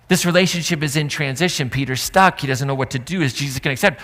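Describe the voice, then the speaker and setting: A male pastor preaches in an animated, joking, conversational manner. His voice is bright and fairly high, and its pitch moves a great deal. A long church reverb trails after each phrase. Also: fast, hardly any pauses. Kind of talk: sermon.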